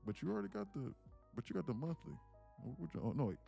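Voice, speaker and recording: Fast and gravelly, a man hosting a live trading stream speaks with a lively pitch that keeps leaping around. He uses slangy street talk, preaching and hitting his viewers with rhetorical questions over faint background music.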